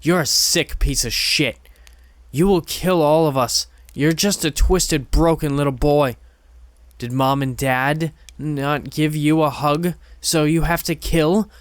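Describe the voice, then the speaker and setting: A man voicing a furious young man who shouts defiance in a raised, loud voice. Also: on the high side, fairly even intonation, slow pace, no echo, pitched above the performer's own voice. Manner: shouting, raw anger.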